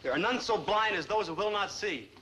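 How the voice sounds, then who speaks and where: A man playing a young male beatnik pal who talks in deadpan hip slang, in a 1960s sitcom. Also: high-pitched, a little fast, slight background noise, low-quality recording.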